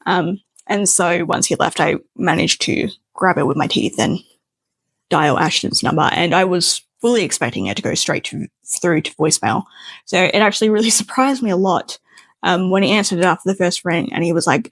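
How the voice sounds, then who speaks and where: A woman's voice: on the low side, moderate pace, dry recording. Chatty young woman telling a story. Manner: animated, chatty, acts out quoted voices. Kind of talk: casual storytime narration.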